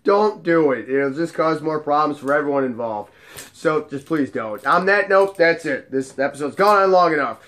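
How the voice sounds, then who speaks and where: A man who works as a nightclub bouncer, telling funny bar stories in a casual, profane, animated way. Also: a little high, normal speed. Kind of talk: casual storytelling vlog.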